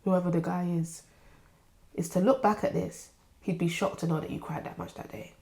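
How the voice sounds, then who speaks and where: Lower-voiced woman, supportive podcast co-host, earnest and affirming. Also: steady tone, normal speed, creaky, warm tone. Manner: reassuring, earnest, frequent affirming murmurs. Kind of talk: supportive conversational chat.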